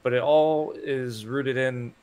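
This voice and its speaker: Halting man chatting on a panel. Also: mid-range voice, steady tone, a little mellow, clear, resonant tone. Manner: halting, restarts sentences, loses his thread. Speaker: panelist on a roleplay stream. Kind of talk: casual panel discussion.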